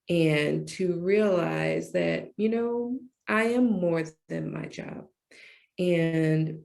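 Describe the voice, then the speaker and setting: A middle-aged woman from the United States, a retired doctor and poet, telling her story in an interview with animated, emotional storytelling. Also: low voice, gravelly. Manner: animated, acts out dialogue in other voices.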